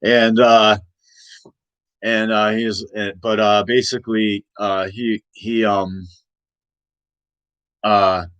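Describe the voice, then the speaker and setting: A man's voice: lowish voice, flat delivery, slow, pauses often, a bit bright, clear, resonant tone, no echo, dull audio. Rambling man ranting in a dry room. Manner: rambling, many restarts, laughs at himself. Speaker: host. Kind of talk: casual political rant.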